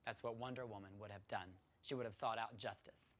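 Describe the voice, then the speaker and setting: A man telling a personal story to an audience, animated and dramatic, often laughing. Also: lowish voice, a little fast.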